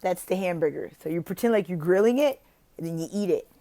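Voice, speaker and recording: A woman's voice: lowish voice, expressive, fast, dark tone. Brief: woman, casual teaching vlog, playful, laughs a lot, acts out chants. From lives in Oklahoma, not from there. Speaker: online teacher and video host.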